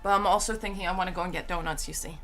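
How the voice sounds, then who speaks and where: A woman chats casually on a gaming live stream, rambling between thoughts and reading chat aloud. Her tone is bright and clear, but the voice sounds tired and strained. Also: lowish voice, steady tone, rapid-fire. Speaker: game streamer.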